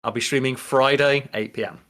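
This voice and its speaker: A man's voice: mid-range voice, fairly even intonation, brisk, crowd noise. Dry-joking man. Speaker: podcast co-host. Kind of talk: casual chat.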